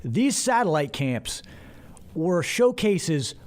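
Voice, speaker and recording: A man hosting sports talk radio, ranting in a heated, animated way. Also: a little high, slow pace.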